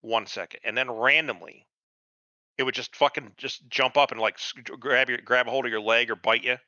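Podcast co-host, man, bright and forward, dull dry recording, rambling and profane. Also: mid-range voice, brisk, no echo. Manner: rambling, swears a lot, lively. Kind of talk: casual profane chat.

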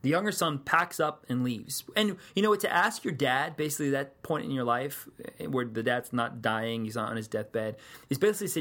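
A man's voice: medium pitch, expressive, fairly quick, a bit bright. A man preaching a sermon, telling the story in a casual, conversational way with joking asides.

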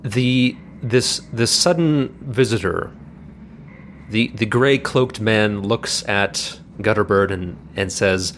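A man narrating a tabletop game as game master, descriptive and halting, with many fillers. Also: fairly low pitch, fairly bright tone, a little hiss or hum.

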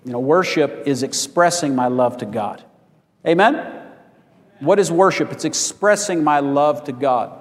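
A man's voice: fairly high pitch, lively intonation, measured pace, long reverb tail. A male pastor preaching a sermon in a folksy way, asking for amens from the congregation.

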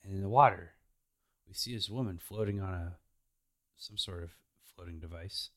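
A man casually retelling anime episodes as a podcast host, laid-back and playful. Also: deep voice. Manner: slow, laid-back retelling with playful put-on character voices. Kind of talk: casual recap chat.

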